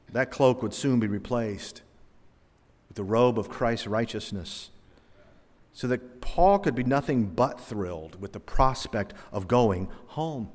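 A man preaching a sermon, telling a self-deprecating personal story in an animated way before drawing a lesson from scripture. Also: fairly low pitch, moderate pace, long reverb tail.

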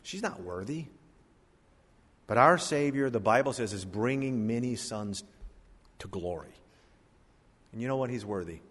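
A man preaching a sermon in a church, building his points with rising emphasis and dramatic pauses. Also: on the low side, fairly bright tone. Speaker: pastor. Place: church sanctuary. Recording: long hall reverb.

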